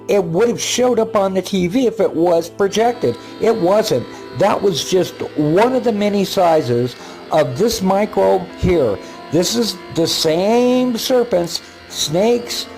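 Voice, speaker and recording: An older man who makes paranormal videos narrates his own footage in a casual vlog, rambling and halting with repeated words and many fillers. His voice sits high and has a darkish tone.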